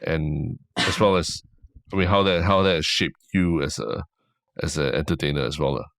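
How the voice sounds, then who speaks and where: A man's voice: a bass voice, moderate pace, gravelly, a bit bright, no echo, studio quality. A man with a Singaporean accent hosting a casual podcast, asking questions and murmuring along attentively. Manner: attentive, frequent murmured backchannels. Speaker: podcast host.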